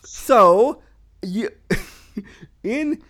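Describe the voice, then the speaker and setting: Chatty man hosting, slightly high. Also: very slow. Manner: chatty, animated, frequent fillers and restarts. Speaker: podcast host. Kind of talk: casual chat.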